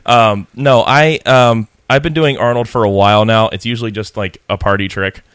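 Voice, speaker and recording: A man's voice: lowish voice, fairly even intonation, moderate pace, a bit bright, clean tone, no echo. A man co-hosting a podcast, rambling with lots of fillers in casual chat. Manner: rambling, filler-heavy, friendly. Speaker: podcast co-host.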